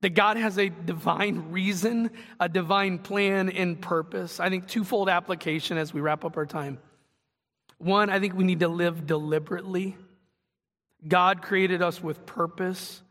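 A man's voice: high voice, a bit bright, in a large hall. A man preaching a sermon as pastor, earnest and conversational, building to passionate emphasis.

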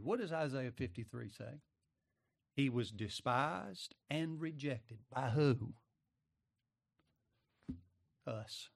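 Animated, slow-paced male preacher. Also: mid-range voice, creaky, no echo, studio quality. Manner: dramatic preaching, acting out quoted voices, pausing often. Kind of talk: sermon.

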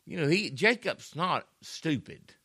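A man's voice: on the high side, lively intonation, unhurried, sharp tone, breathy edge. A man preaching a sermon, telling scripture stories in a folksy way with emphatic rises and drops.

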